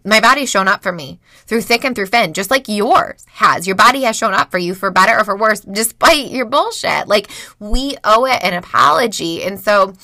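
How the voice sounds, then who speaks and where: A woman's voice: mid-range voice, animated, normal speed, hardly any pauses, sharp tone, dry recording, studio quality. A woman in her thirties talking frankly and emotionally to listeners, swearing freely, recorded in a small closet at home. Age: 30s. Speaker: podcast host. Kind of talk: candid personal monologue.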